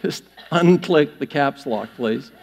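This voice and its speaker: A man's voice: on the high side, expressive, takes it slowly, vocal fry. A male pastor giving a conversational sermon, joking with his congregation in a church with long hall reverb.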